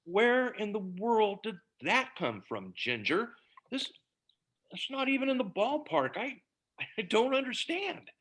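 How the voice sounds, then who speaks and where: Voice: medium pitch, big pitch swings, measured pace, a bit bright. An actor playing a flustered, stammering father in an amateur radio play, melodramatic in manner. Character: blustering, fussy middle-aged father.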